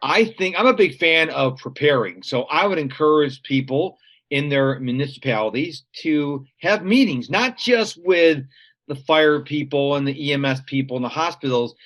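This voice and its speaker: A man's voice: on the high side, animated, moderate pace, fairly bright tone. A man being interviewed, sharing practical stories and advice in an earnest, conversational way. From United States. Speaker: guest.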